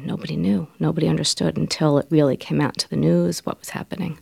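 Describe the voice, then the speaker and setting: A woman with a gravelly, fry-touched voice speaks to an interviewer in an earnest, urgent way. Her words come in quick runs. The recording is dry and close. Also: low-pitched, fairly even intonation, darkish tone, no room sound. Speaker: interview guest. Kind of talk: recounting in a broadcast interview.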